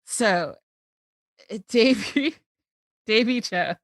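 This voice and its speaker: Her voice is a little high and she draws out her words as she hosts a podcast, casually recounting a cartoon episode. Animated and giggly, she laughs plenty along the way. There's no room sound.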